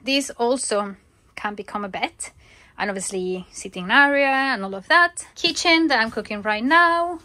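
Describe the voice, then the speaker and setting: A woman's voice: fairly high pitch, lively intonation, moderate pace, bright, forceful tone. A woman travel vlogger chatting to the camera as she shows off a campervan and talks about her trip. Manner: chatty and emotional, talks straight to viewers. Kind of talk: casual vlog to camera. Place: inside a campervan and around a campsite.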